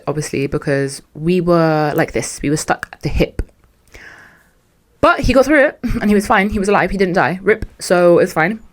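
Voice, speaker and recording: A young woman hosting a podcast, telling a story in a casual, animated and sarcastic way, full of slang. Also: deep voice. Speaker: podcast host.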